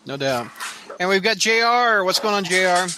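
A man hosting a podcast, introducing a panel in a lively, earnest way. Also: high-pitched, normal speed, slight background noise. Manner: lively, earnest, speaks with fillers. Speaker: podcast host.

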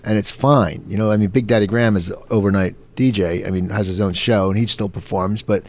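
A man hosting a casual interview, talking in rambling, quick asides. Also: lowish voice, fairly even intonation, darkish tone. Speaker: interview host. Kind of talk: casual chat.

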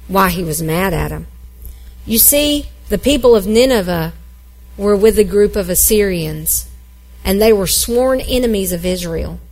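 A middle-aged woman pastor preaching a sermon, reading scripture and acting out the characters with animated storytelling. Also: mid-range voice, rough recording. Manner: animated storytelling, acts out grumpy Jonah.

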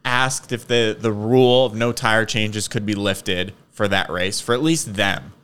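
Casting: man, podcast co-host, smooth resonant voice, casual explainer. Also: on the low side, fairly even intonation, a little slow, a bit bright. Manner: explains at length, storytelling, laughs easily. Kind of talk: casual chat.

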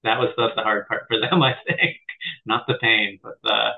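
A man hosts a podcast in a loose, upbeat, joking way. His voice sits low. The sound is narrow and tinny, as if through a phone call. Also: moderate pace, gravelly. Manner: relaxed, enthusiastic and joking. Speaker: podcast host. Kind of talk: casual podcast chat.

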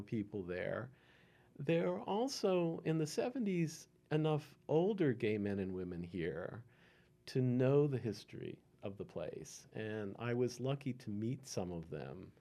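An older man telling stories from his past in an oral history interview, unhurried with many ums and chuckles. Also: on the low side, mellow. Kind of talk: reminiscing storytelling.

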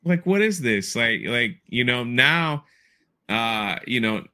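A man hosting a podcast, chatting casually and telling animated stories, often breaking into laughter. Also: medium pitch, slow. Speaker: podcast host.

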